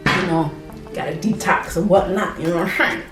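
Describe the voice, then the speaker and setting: A woman's voice: on the low side, brisk, recorded from a distance. A young British-born woman chatting casually to camera while eating, laughing often. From Britain. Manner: chatty, laughs a lot, eats while talking. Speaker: vlogger. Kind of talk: casual mukbang chat to camera. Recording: echoey room with faint music.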